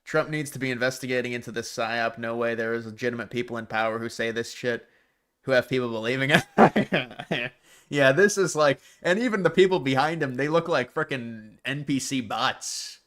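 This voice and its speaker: A man's voice: mid-range voice, moderate pace, a bit bright. A man commentating live on a political clip, mocking and sarcastic, laughing at what he hears.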